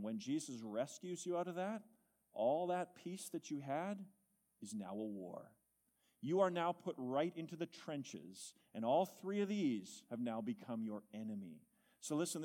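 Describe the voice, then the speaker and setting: A man's voice: fairly high pitch, a little mellow. A man preaching a sermon, earnest and emphatic, building to exclamations.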